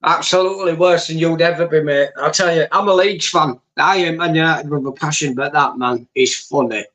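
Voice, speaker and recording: A middle-aged man chatting as a guest on a stream, excitable and swearing freely, laughing a lot. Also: on the high side, fairly quick. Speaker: guest on a livestream. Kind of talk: casual banter. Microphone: on a tablet, call audio.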